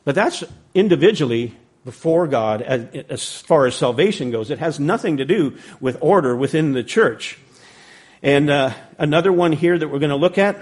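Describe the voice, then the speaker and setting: A man's voice: fairly high pitch, expressive, moderate pace, a little mellow, husky. A man teaching a Bible study, reading scripture aloud and explaining it in a conversational way, with the odd story. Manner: conversational, with ums and a humorous story.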